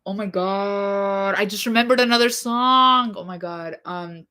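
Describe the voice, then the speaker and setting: A young woman talks through her favorite songs in a loose, rambling vlog chat, full of "um" and "like" and little laughs. Her voice is bright and forward, sitting at an ordinary pitch for a woman. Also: a little slow. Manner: rambling, many fillers, laughing asides. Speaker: vlogger. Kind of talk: casual chat about music.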